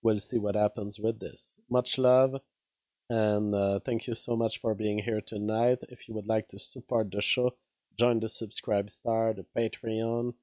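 A man's voice: fairly low pitch, little pitch movement, a little slow, a little mellow, dry recording. A man hosting a casual news commentary show, wry and given to laughing at his own remarks. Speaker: host.

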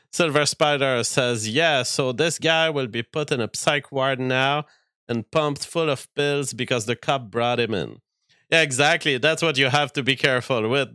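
A man in the middle of a stream who talks over clips and reads viewer comments aloud. He argues his views bluntly. His voice is smooth and resonant, and the sound is close and dry with no room behind it. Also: medium pitch, bright, forceful tone, no room sound. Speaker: streamer reacting to clips and reading chat. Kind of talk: opinionated commentary.

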